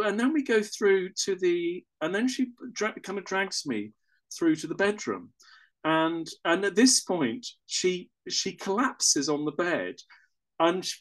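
An Englishman with a high, very animated voice tells a personal story at an unhurried pace. He rambles casually, often corrects himself mid-sentence, and chuckles.

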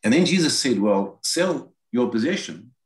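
A man's voice: mid-range voice, very animated, moderate pace. A man preaching a sermon, explaining scripture and voicing quoted lines as he goes. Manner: expository, quotes scripture in acted asides. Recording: roomy echo.

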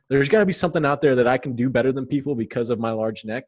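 A man's voice: mid-range voice, rapid-fire, few pauses, slight background noise. A man co-hosting a casual podcast, rambling and joking about his own ideas. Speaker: podcast co-host. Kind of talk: casual chat.

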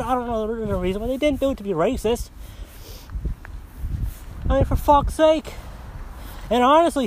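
A podcast host with an extremely high, darkish voice launches into a profane, heated monologue full of coarse swearing. He's recording on a phone outdoors, and slight background noise comes through.

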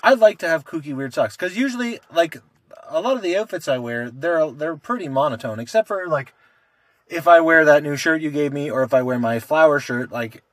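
Talkative man, raised pitch, dry sound. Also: expressive, a little fast, fairly bright tone, dry recording. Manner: loose, rambling storytelling with frequent swearing. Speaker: podcast co-host. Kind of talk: casual chat.

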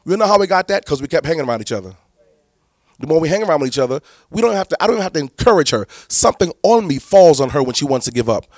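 Man, pastor, preaching-style teaching, emphatic, repeats and restarts, fairly high voice. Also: big pitch swings, very fast, no room sound, clean studio sound. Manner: emphatic, repetitive, many restarts.

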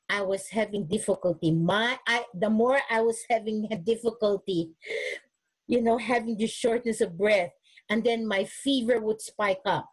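Husky-voiced woman demonstrating self-care. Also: medium pitch, poor audio. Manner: earnest, animated, restarts often. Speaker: nurse speaking at a webinar. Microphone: webinar recording.

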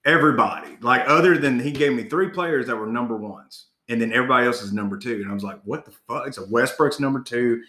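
A man's voice: medium pitch, fast, few pauses, bright, forceful tone. Male co-host, heated profane sports rant, roomy echo. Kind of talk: casual sports chat.

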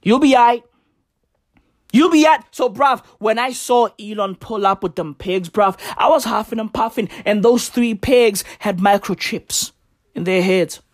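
A comedian delivering a rant full of street slang and swearing, often jumping up into shouts. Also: medium pitch, no echo, clean studio sound. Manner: slang-heavy, profane, animated swings into shouting.

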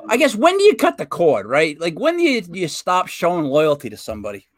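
A male co-host in casual sports chat, opinionated and animated, with many fillers. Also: sits high, a little fast. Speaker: podcast co-host.

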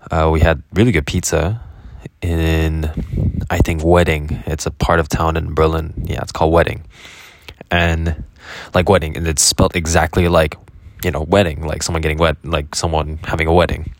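A man's voice: extremely low pitch, flat delivery, normal speed. A young man casually recounting his travels as a vlogger, rambling and correcting himself with many fillers. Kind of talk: casual spoken travel diary.

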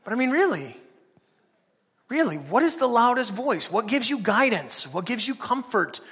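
A man preaching a sermon as pastor, firing off repeated rhetorical questions that build to loud, emphatic peaks. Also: extremely high pitch, very animated, moderate pace, breathy edge, long reverb tail.

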